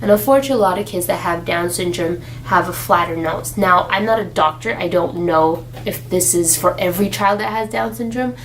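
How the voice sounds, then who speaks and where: A young woman vlogging about her pregnancy in a chatty, animated way, acting out the people she quotes. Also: lowish voice, brisk, few pauses, slight background noise, rough recording. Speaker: expectant mother vlogger. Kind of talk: casual chat.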